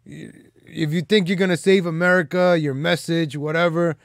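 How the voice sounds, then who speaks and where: Rambling, slightly high-voiced male streamer. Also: fairly even intonation, moderate pace, gravelly, no room sound, clean studio sound. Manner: loose, with frequent "like" and "man" fillers; teasing and boastful. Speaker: live stream host. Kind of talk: casual rambling commentary.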